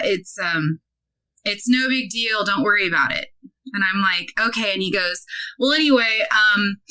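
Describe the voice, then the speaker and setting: Bright-voiced woman in her thirties telling a story. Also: fairly high pitch, low-quality recording. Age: 30s. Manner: animated, many "like" fillers, acts out quoted dialogue. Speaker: guest. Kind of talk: casual interview storytelling.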